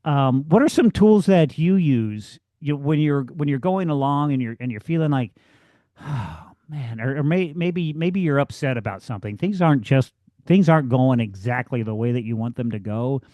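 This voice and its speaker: A man hosting a ministry podcast, speaking in a relaxed storytelling way and often restarting his sentences. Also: mid-range voice, normal speed, dry recording, muffled recording. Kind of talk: casual faith-based conversation.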